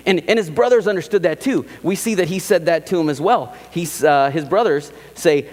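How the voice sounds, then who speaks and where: A man's voice: sits high, fairly quick, few pauses. Man preaching in an echoey church. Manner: animated preaching, acts out quoted voices, repeats phrases for emphasis. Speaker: pastor. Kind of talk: sermon. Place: church sanctuary.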